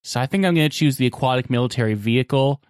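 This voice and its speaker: A man's voice: medium pitch, racing, a little mellow, smooth, no echo. Man, game show contestant, wry and mock-pleading, dry close sound. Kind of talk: comedy podcast banter.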